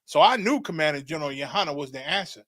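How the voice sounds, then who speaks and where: A middle-aged man recounting a religious vision as a testimony, dramatic and repetitive, building to excited shouts. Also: fairly high pitch, fast, no room sound, clean studio sound. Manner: dramatic, repeats phrases, rising to excited shouts. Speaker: religious teacher. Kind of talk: testimony storytelling.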